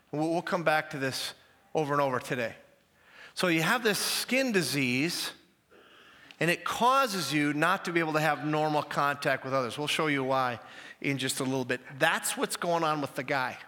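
Animated guy preaching, high bright voice, echoey hall. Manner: animated, emphatic, repeats key phrases. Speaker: pastor. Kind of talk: sermon.

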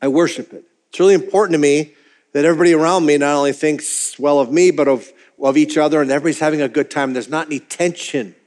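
A man's voice: on the high side, fast, a little mellow. A man preaching a sermon as pastor, talking candidly and conversationally, often restarting and repeating words as he goes. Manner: conversational and candid, acting out his own quoted thoughts.

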